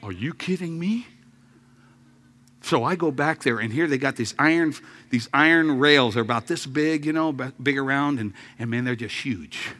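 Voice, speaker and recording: A man preaching a sermon to his congregation, telling a story with jokes, dropping to quiet murmurs and then rising to loud outbursts. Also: medium pitch, normal speed. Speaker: pastor. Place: church sanctuary.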